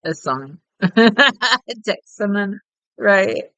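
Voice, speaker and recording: A woman's voice: medium pitch, very slow, a bit bright, clear, resonant tone, no echo, poor audio. A middle-aged woman chatting casually while playing a game, rambling and giggling often. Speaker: gameplay streamer.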